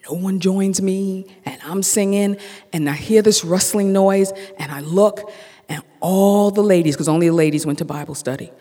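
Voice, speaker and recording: A storyteller telling a personal story live on stage, acting out the dialogue with lively voices. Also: medium pitch, in a large hall. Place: theater stage.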